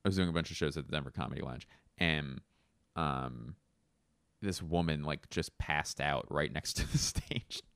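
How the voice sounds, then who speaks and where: Man, comedian, very deep voice, smooth and resonant, casual storytelling, lots of fillers. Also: moderate pace, fairly bright tone, no room sound. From Philadelphia. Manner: rambling, loose, full of fillers and restarts. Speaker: stand-up comedian. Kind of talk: casual anecdote telling.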